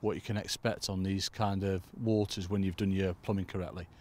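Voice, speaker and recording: A man's voice: deep voice, little pitch movement, brisk, darkish tone, a little hiss or hum. Chatty man coaching by a lake. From United Kingdom. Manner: chatty, keeps addressing "folks". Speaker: angling coach. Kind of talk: casual fishing tutorial. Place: lakeside outdoors in cold weather.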